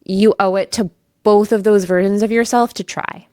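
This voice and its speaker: In a mid-range, darkish voice with fairly even intonation and normal speed, a Canadian woman in her thirties who works as a lawyer opens up as a podcast guest. The recording is dry and clean studio quality, and her emotional, candid stories are packed with "like."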